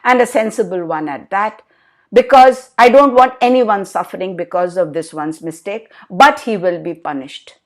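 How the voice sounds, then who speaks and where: A woman's voice: medium pitch, moderate pace, lightly acted. A woman voicing a small boy god in a children's story, speaking firmly. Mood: stern. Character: little boy god, stubborn and proud.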